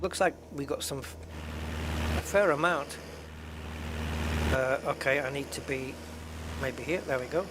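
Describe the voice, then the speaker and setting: Heavy background noise surrounds this flight sim streamer as he chats casually from his home gaming setup. His medium-pitched voice is unhurried and pauses often, and his rambling talk is full of restarts and side remarks.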